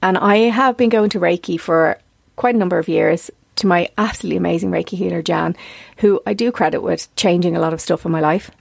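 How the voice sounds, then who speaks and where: A candid woman in her forties reflects aloud as a podcast host, her voice gravelly with fry at the ends of her phrases. She is earnest and openly emotional, recorded close and dry with no room sound. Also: on the low side, fairly quick, no echo. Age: 40s. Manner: earnest, confessional, easily emotional.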